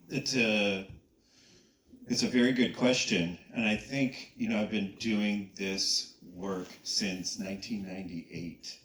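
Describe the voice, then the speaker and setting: Producer guy talking real slow and measured, echoey hall. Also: on the low side. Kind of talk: panel discussion answer. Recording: echoey hall with faint noise.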